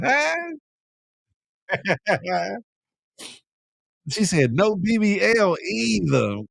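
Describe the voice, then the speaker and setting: A man's voice: sits high, very animated, very slow, creaky, long pauses, a bit bright, dry recording, clean studio sound. A middle-aged man hosting a morning livestream, reading viewer comments aloud in casual, slangy banter, often laughing. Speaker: host of a morning livestream show.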